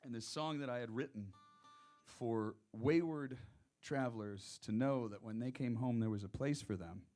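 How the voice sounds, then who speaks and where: A middle-aged man with a Texan accent, a singer-songwriter chatting casually between songs in a relaxed storytelling way. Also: mid-range voice, normal speed, faint music behind. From Texas. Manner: relaxed storytelling, drawls into quoted voices. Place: small music workshop venue, live session.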